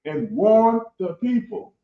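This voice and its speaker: A man, the class priest, answering with slow, brief remarks of agreement from away from the mic. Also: high voice. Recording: roomy, dull sound from off-mic.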